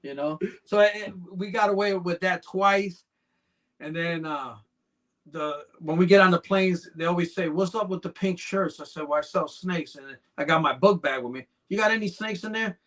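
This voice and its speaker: Rambling, higher-voiced male storyteller. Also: normal speed, a bit bright. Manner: rambling storyteller, constant "you know" fillers. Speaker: podcast guest, snake breeder. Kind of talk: casual anecdotal chat.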